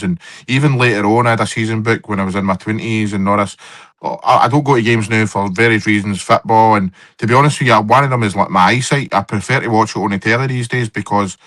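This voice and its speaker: A man's voice: on the low side, fairly bright tone, dry recording. A middle-aged Scottish man, a podcast guest, talking earnestly in casual chat about football.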